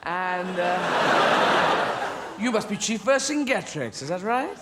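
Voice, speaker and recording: English comedian doing a stiff polite roman soldier, pompous and bumbling, live hall with a loud crowd. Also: male voice, sits high, very animated, a little slow, very noisy.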